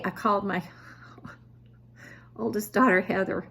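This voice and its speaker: Older woman in her seventies, husky voice, lowish pitch, chatty self-deprecating storytelling vlog. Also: measured pace, pauses often. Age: 70s. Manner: self-deprecating, animated when quoting family. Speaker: vlogger.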